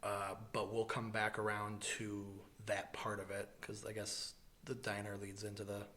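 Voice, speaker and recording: A man's voice: fairly low pitch, completely flat delivery, moderate pace, bright, forceful tone. A man from the American Midwest co-hosting a podcast, chatting casually with a joking, laid-back manner and lots of fillers. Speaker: podcast co-host. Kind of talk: casual chat.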